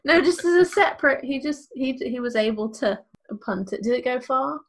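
A woman's voice: high-pitched, animated, moderate pace. A woman in casual podcast chat. She talks playfully, laughs a lot and teases the others in good humor. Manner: giggly, playful teasing. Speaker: podcast co-host.

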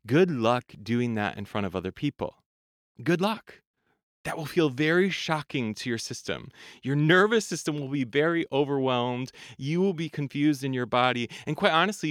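Animated male voice coach, crisp dry sound. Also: mid-range voice, no echo. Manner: animated, demonstrates singing registers, laughs often. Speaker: voice coach and podcast host. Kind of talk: solo podcast teaching.

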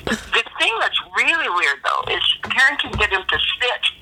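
A woman's voice: fairly high pitch, big pitch swings, normal speed, sharp tone, slight background noise. A woman chatting casually on the phone, chewing food as she talks and laughing often. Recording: tinny phone line.

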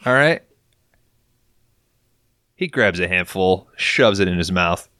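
Man, podcast host, low voice, joking and cursing, dry close-miked sound. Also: expressive, takes it slowly, bright, forceful tone, clear, resonant tone, no echo. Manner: profane, joking, acts out quotes. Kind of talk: casual episode recap.

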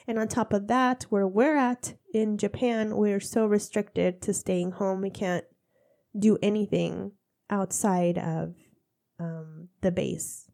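A woman's voice: medium pitch, fairly even intonation, takes it slowly, creaky, dark tone. A woman in her thirties, congested, telling stories in a casual chat with frequent laughter. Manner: chatty, laughing storyteller.

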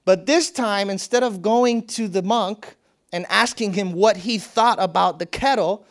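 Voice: medium pitch, measured pace. A spiritual teacher giving a reflective teaching talk, telling a parable and repeating phrases for emphasis.

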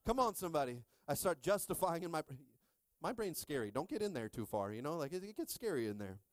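A middle-aged man preaching with a fairly high voice that climbs into shouting. He keeps calling out to the congregation for response. The sound is dry and close. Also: sing-song, fast, no room sound. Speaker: pastor. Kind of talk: sermon.

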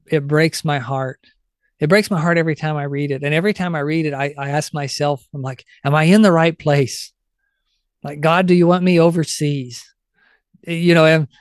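An earnest man tells a story with heartfelt emphasis. His voice sits fairly high, and the recording is dry and close. He acts out quoted lines as he goes. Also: smooth, dry recording. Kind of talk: conversational storytelling.

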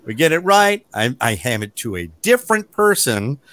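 In a dry recording, a middle-aged man co-hosting a podcast tells a story over casual chat at normal speed. His voice is mid-range, and he's lively, acting out the quotes.

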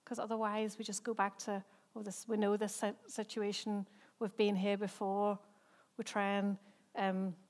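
A woman's voice: mid-range voice, level tone, moderate pace, hardly any pauses, a little mellow. A woman, a senior pastor who preaches a sermon in a chatty, self-mocking way and laughs often. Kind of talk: sermon with personal stories.

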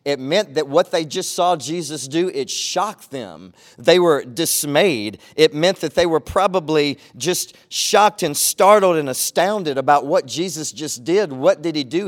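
A middle-aged man, a pastor, preaching a sermon in an earnest, emphatic way with repeated phrases. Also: fairly high pitch.

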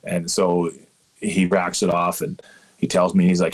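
A man in his thirties from Canada, talking in a fairly low voice as a guest in a casual interview. He rambles through stories with lots of animation and eager asides. The tone is easygoing and chatty. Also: monotone, measured pace. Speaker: umpire guest.

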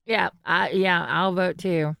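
A woman's voice: fairly low pitch, steady tone, slow, creaky, a bit bright, clean tone, no room sound, clean studio sound. A woman hosting a casual podcast chat, reading fan posts aloud and laughing often. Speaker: podcast host.

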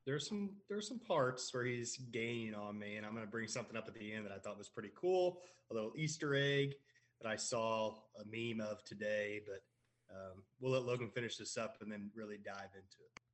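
A man co-hosting a podcast, talking calmly and agreeably in casual chat. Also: lowish voice, brisk. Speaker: podcast co-host.

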